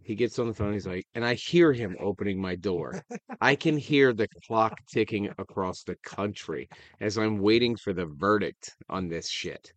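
A man, hosting a casual chat and telling a profane, animated story with acted-out quotes. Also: fairly low pitch, normal speed, dry recording. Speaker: podcast host.

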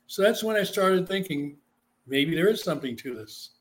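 A middle-aged man tells his stories with animation, his voice sitting a little above the usual male pitch. He is a guest being interviewed about his book, and he slips into the voices of the people he describes. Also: lively intonation, moderate pace. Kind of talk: storytelling in an interview.

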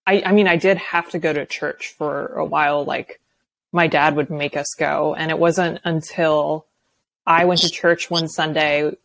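A young woman guest with a notably low voice for a woman, chatting casually on a podcast. She is candid and loose, and breaks into laughter often. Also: fairly even intonation, measured pace, vocal fry. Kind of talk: casual chat.

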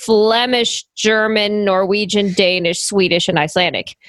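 A woman's voice: mid-range voice, fairly even intonation, moderate pace, a bit bright, dry recording. Woman podcast cohost, explains stuff, lists things off, dry close sound. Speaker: podcast co-host. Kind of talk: casual chat.

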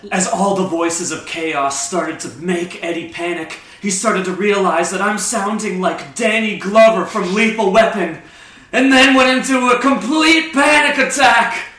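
A man's voice: sits high, unhurried, sharp tone, reverberant. A man narrating an improvised comedy scene in a dry storytelling manner.

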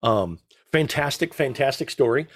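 A middle-aged man telling stories in casual chat as a podcast co-host, rambling and joking with a deadpan delivery. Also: medium pitch, moderate pace, breathy edge, no room sound.

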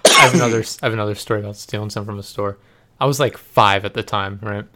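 A man's voice: on the low side, racing, crowd noise. A man in casual chat, telling stories animatedly and acting out the people in them. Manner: animated storyteller who acts out voices in anecdotes.

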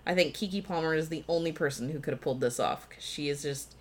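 A woman's voice: sits low, fast. A woman on a podcast eagerly talking about a favorite film role, swearing casually and cutting in to correct her co-host. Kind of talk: casual movie discussion.

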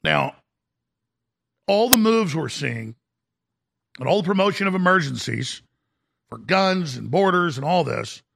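A man's voice: a little high, big pitch swings, measured pace, vocal fry, long pauses, background noise. A man hosting a talk radio show, delivering an indignant, mocking rant. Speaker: radio host.

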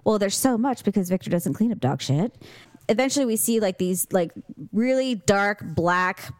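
A woman's voice: medium pitch, normal speed, no room sound. A woman in her forties chatting casually as a podcast co-host, telling a story with lots of acted-out quotes and frank swearing. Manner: animated storyteller, acts out quotes, swears freely. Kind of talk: casual chat.

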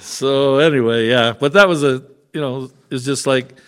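A man's voice: mid-range voice, normal speed, a bit bright, smooth. This is a middle-aged man speaking as a guest in a casual interview. He tells his stories in a folksy way and chuckles often as he talks. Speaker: guest, trucker chaplain.

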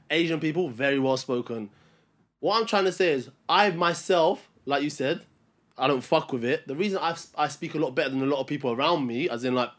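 A man, co-hosting a podcast and making his case in a casual debate, often stumbling and restarting his sentences. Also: mid-range voice. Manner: stumbling restarts when pressed. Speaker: podcast co-host.

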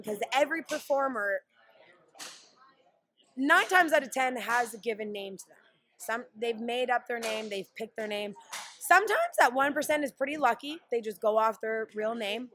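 A woman who wrestles professionally, telling stories in a brash, animated way during a casual interview. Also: on the high side. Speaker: pro wrestler.

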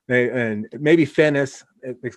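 A man's voice: mid-range voice, slow, dry recording. A man from Wyoming hosting a casual interview, telling rambling anecdotes full of restarts. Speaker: podcast host.

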